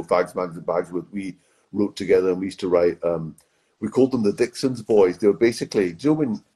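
A middle-aged comedy writer and actor, appearing as a guest on a casual podcast interview, tells rambling anecdotes full of restarts. His deep voice is mellow and husky, though the audio quality is poor.

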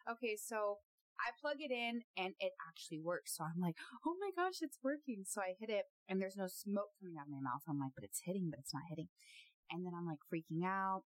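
A young woman hosting a casual podcast, telling a story in an animated, giggly way with lots of fillers. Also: on the low side, fairly quick, no room sound. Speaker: podcast host.

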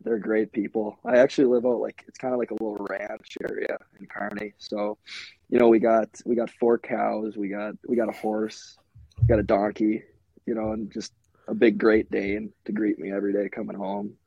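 A man's voice: fairly low pitch, normal speed, vocal fry, breathy edge, no room sound, lo-fi sound. A young man from Minnesota, a hockey goalie, talking in a laid-back casual way as a podcast guest, full of "like" and "you know". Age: young adult.

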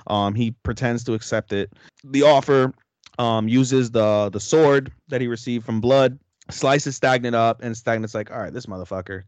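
A man's voice: medium pitch, dry recording. A young man co-hosting a podcast, rambling through an anime plot recap with lots of swearing and fillers. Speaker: podcast co-host. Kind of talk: casual anime review chat.

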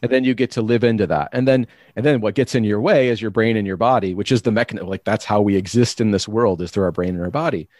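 Low-voiced man explaining in a dry recording. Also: fast, hardly any pauses, a little mellow, dry recording. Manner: reflective, explanatory, frequent restarts. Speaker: guest. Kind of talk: conversational interview.

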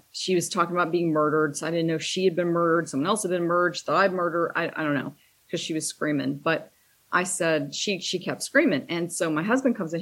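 A woman speaking in a slightly low voice, chatty and wry as she tells a long personal story. She slips into the voices of the people she quotes. She teaches Reiki and talks like she's among friends. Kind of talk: casual storytelling interview.

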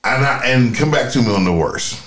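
An animated man joking and interjecting in casual podcast talk, his mid-pitched voice sitting over clear background chatter from a crowd. He jumps in quickly with asides. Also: reverberant. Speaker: podcast co-host. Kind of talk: casual chat.

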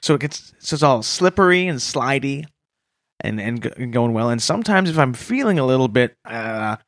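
Male comedy co-host, goofy and mock-earnest, lively pitch, dry close sound. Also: normal speed, no echo. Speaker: podcast co-host. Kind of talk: improvised comedy banter.

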